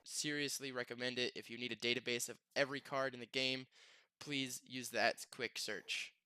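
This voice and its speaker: A man chats loosely as the host of a podcast, drifting through plugs and asides with a self-mocking streak. His voice is bright and crisp, and it sits close and dry with no room around it. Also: medium pitch, fairly even intonation, normal speed, dry recording. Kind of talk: casual podcast chat.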